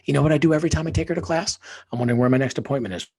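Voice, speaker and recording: A man's voice: on the high side, very fast, darkish tone, husky. A man who is a podcast guest and author, telling a personal story emphatically, sometimes dropping into a whisper for effect.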